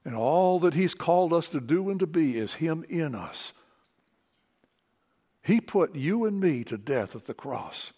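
A man preaching a sermon to a church meeting, fervent, dropping to hushed tones and rising to emphatic declarations. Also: on the high side, sing-song, a little slow, breathy edge.

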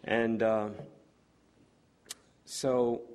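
Speaking very slowly in a mid-range voice, a man preaches an earnest sermon that builds to excited exclamations. He uses frequent fillers and restarts.

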